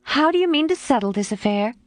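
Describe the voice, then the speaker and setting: A woman reading an audiobook, voicing a lively, tomboyish teenage girl who speaks eagerly and coaxingly. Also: sits high, fast, no room sound, pitched above the performer's own voice.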